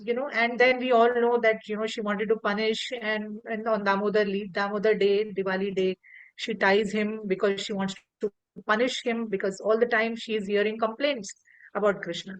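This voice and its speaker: A woman tells a devotional story on a video call, animated and acting out the characters' lines. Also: fairly high pitch, moderate pace, no echo, rough recording.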